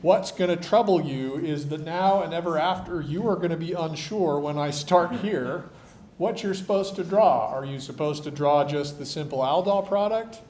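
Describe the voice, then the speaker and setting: A man's voice: a little high, normal speed, darkish tone, a little hiss or hum. A man lecturing a university chemistry class, explaining with dry jokes, his voice tired. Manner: explanatory, dryly joking. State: tired voice, occasional coughing.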